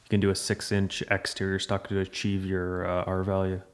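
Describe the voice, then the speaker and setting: A deep-voiced man speaks in a flat, even tone as a podcast guest, explaining products plainly and matter-of-factly. He is recorded on site at a manufacturing facility. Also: a little fast, smooth. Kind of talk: casual podcast interview.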